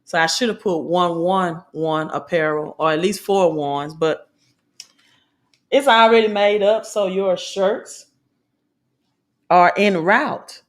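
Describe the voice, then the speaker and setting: A woman's voice: lowish voice, slow pace, long pauses. A woman with a Southern American accent, hosting a motivational business talk and preaching in repeated slogans and alliterations. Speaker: host.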